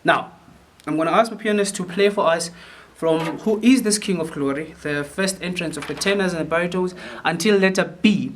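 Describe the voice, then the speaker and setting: Man, choir conductor, instructive rehearsal talk, repeats words, somewhat high voice. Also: normal speed, a little hiss or hum. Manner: explains then sings phrases to demonstrate; repeats words while thinking, many fillers. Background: piano.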